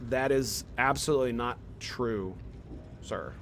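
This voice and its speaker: A young man streaming a game and chatting casually, excited and rambling, full of "dude" and "man". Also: medium pitch, measured pace, a little hiss or hum. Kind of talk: casual chat while streaming.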